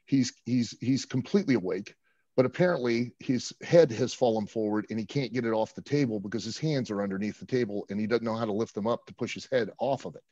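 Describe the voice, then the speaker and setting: A man with a husky, slightly rough voice tells a road story in an easy, chatty way, throwing himself into every quote. The sound is dry and close, with a slightly dull, lo-fi tone. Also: medium pitch, fast talker, dry recording. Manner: animated, acts out quotes. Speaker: guest. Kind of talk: casual storytelling.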